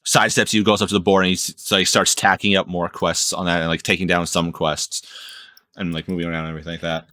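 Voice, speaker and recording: A man narrating as game master of a tabletop game, relaxed and casual. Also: low-pitched, fast, no echo, studio quality.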